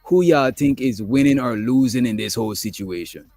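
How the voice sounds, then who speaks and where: A man's voice: mid-range voice, moderate pace, a little mellow, no echo, faint music behind. A man hosting a casual talk show, speaking emphatically and peppering his points with "bro". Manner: emphatic, keeps adding "bro". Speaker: host. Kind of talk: casual chat. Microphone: streaming call mic.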